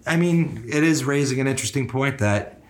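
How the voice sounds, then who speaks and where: A man's voice: mid-range voice, expressive, brisk. A man co-hosting a podcast, telling stories in a laid-back, profane way. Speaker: podcast co-host. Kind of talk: casual chat.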